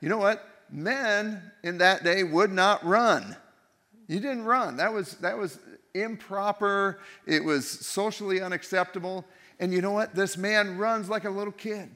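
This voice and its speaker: Pastor, male, conversational sermon delivery, rough fry in the voice, reverberant church hall. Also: high voice, measured pace, bright, forceful tone. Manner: conversational preaching with restarts and rhetorical questions.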